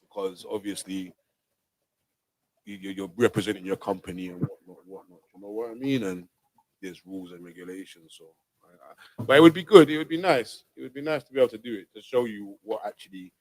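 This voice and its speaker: A man hosting a livestream, chatting loosely and repeating himself, his loudness rising and falling. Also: on the low side, a little fast, no room sound, rough recording. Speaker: livestream host. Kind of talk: casual livestream chat.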